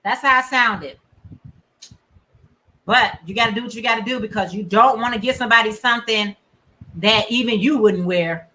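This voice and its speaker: A woman hosting a crafting livestream, chatting casually and warmly reading out viewer comments. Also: medium pitch, rough recording. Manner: chatty, reads viewer comments aloud, encouraging. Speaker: crochet livestream host. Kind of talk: casual chat with live viewers.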